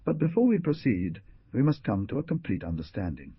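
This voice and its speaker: A man's voice: medium pitch, sing-song, brisk, no echo, highs cut off. A man voicing a brave, good-humoured bandit colonel with an ironic manner in an audiobook. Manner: smooth, ironic.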